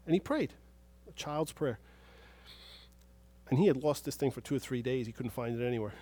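A man preaching a sermon as pastor, telling stories and moving from soft, hushed moments to loud, emphatic praise. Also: medium pitch, lively intonation, normal speed, dry recording.

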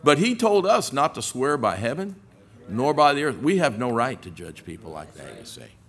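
An older man preaching a sermon, telling folksy stories with humor and rising to forceful emphasis on scripture. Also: medium pitch, very animated, moderate pace. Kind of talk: sermon with storytelling.

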